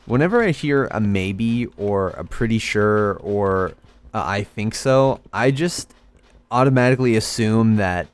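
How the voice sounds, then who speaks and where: A man's voice: on the low side, lively intonation, a little slow, smooth. A young man rambling through a story while playing a game, hesitant and self-deprecating. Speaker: gaming video creator. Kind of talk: casual storytelling over gameplay.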